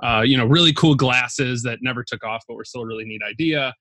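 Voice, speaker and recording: A man's voice: mid-range voice, brisk, sharp tone, no room sound. A man appearing as a podcast guest and search expert, explaining at length with enthusiasm and side remarks. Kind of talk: conversational explanation.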